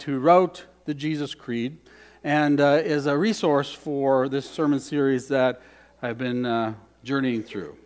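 Speaking as pastor, this man delivers an earnest sermon in a fairly high voice. Key phrases come back again and again, and he guides the congregation through spoken responses.

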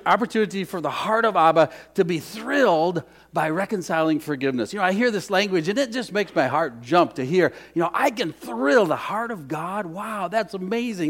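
A high-pitched man preaching a sermon. He drops to near-whispers and then rises to emphatic, raised lines, repeating key phrases over and over. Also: expressive, normal speed, hardly any pauses. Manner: dynamic, swings from hushed to emphatic. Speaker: pastor.

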